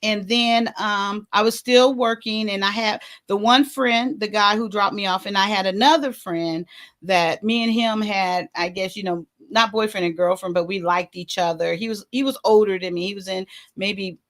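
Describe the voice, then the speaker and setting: A woman hosting a vlog, telling a personal story in a candid, halting way with many fillers. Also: medium pitch, a bit bright. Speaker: vlog host.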